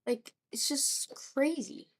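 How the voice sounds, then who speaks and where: A woman improvising a rambling story narration, acting out groups of people in quick quoted asides. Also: high voice. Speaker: map series narrator.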